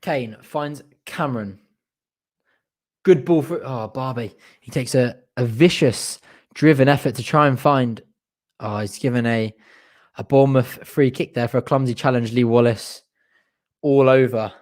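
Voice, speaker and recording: A young man giving partisan, excitable fan commentary on a live match, cheering his team on and groaning at missed chances. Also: mid-range voice, measured pace, long pauses.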